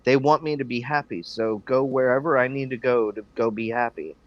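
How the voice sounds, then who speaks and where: A man's voice: mid-range voice, steady tone, fairly quick, dry recording, muffled recording. A man talking casually as a podcast guest, in a laid-back way with many ums and restarts.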